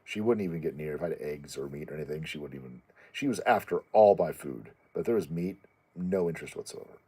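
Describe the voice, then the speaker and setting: Low, husky man rambling casually. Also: lively intonation, dark tone. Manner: rambling, halting, many restarts and fillers; acts out pet voices in a high squeaky tone. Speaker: channel host answering viewer questions. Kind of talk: casual chat.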